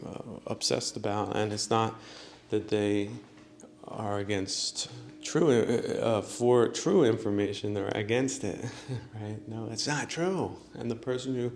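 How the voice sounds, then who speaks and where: A male podcast host talking on his own in an unhurried, rambling way. His voice sits low and has a gravelly fry, and he fills gaps with lots of ums and uhs. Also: darkish tone. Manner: rambling, many fillers, chuckles at own jokes. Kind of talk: solo podcast monologue.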